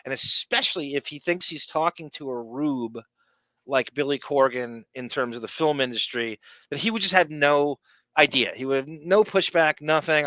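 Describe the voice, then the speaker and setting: A man's voice: mid-range voice, moderate pace, bright, forceful tone, no echo. A man co-hosting a podcast, talking in a blunt, rambling, profane casual way. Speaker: podcast co-host.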